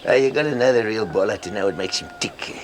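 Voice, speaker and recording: An actor playing a boastful, joking petrol station owner, full of chuckling bluster. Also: male voice, fairly low pitch, expressive, quick pace, a little hiss or hum, close to an everyday voice, rough recording. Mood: cocky, jokey. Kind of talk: sitcom acting.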